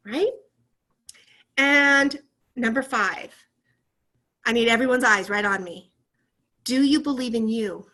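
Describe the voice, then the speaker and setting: A woman leading a motivational training on a video call, encouraging her team and asking them questions. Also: high voice. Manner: energetic and encouraging, asks the audience questions. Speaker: team leader coaching a sales team.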